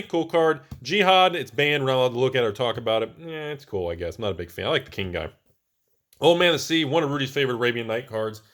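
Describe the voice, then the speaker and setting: A man hosting a casual show-and-tell of his card collection, chatty and wisecracking, jumping between excited bursts and low mutters. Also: fast talker. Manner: wisecracking, self-mocking.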